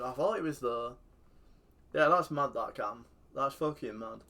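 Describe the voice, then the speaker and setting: A man in casual gaming commentary, cursing freely as he talks through his football management game. His voice jumps into loud outbursts at the match events. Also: mid-range voice, moderate pace. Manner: sweary, excitable, shouts at the game.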